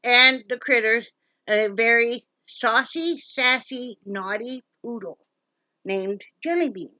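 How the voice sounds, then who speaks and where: A woman's voice: on the high side, lively intonation, measured pace, pushed and bright, no echo. A chatty woman from Wyoming vlogging at home, switching between folksy talk to viewers and coaxing, sing-song baby talk to her dog. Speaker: vlogger, pet rescuer. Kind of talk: casual home vlog.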